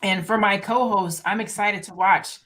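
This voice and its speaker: A woman's voice: mid-range voice, fairly even intonation, a bit bright. A woman hosting a casual chat with co-hosts over a video call, speaking in a prayerful, encouraging way. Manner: prayerful, encouraging, reads a quote slowly. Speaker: podcast host.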